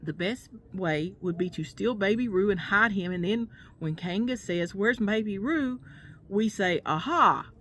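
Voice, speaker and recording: Fussy, bossy storybook rabbit, read by a woman in a mid-pitched, near-natural voice. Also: animated, a little slow, fairly bright tone, slight background noise.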